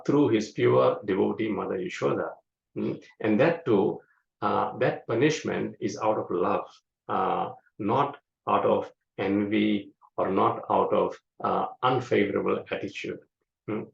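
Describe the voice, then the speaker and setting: A man teaching a scripture class, explaining slowly with many fillers. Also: on the low side, vocal fry. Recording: echoey room, dull lo-fi sound.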